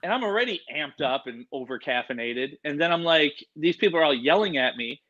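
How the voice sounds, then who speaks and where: Excitable man with a bright, dull-sounding call. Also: a little high, a little fast. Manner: excitable, animated, swears casually, mimics people. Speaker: animal educator and guest. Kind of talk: casual interview storytelling.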